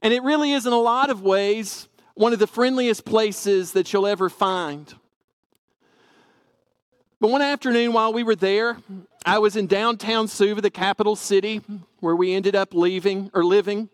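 A man's voice: sits high, moderate pace, smooth, no room sound. A man from Tennessee, animatedly telling a personal story and acting out the dialogue. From Tennessee, USA.

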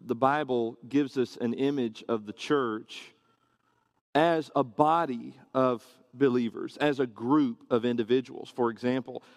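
A man's voice: medium pitch, steady tone, measured pace, dry recording, clean studio sound. A man preaching a sermon to his congregation, earnest and conversational, often asking rhetorical questions.

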